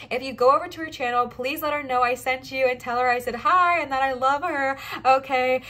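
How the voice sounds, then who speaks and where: A young adult woman giving a casual pick-a-card tarot reading, encouraging and animated, often checking in with "okay?" and "all right?". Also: a little high. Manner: animated, laughs and talks while moving cards. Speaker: tarot reader.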